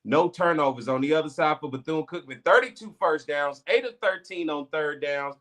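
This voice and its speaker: A man co-hosting a casual sports talk show, running through game stats in an animated way. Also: fairly high pitch, a little fast. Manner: animated, reads game stats in a steady run.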